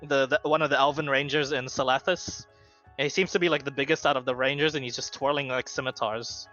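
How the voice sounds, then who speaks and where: Guy running a tabletop game, bright voice, muffled audio, quiet music behind. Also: medium pitch, steady tone. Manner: halting, lots of fillers and restarts. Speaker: game master.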